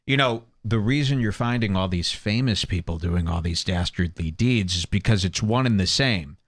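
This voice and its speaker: A man's voice: on the low side, normal speed. A man hosting a comedy podcast, riffing and mocking with big swings. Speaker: podcast host.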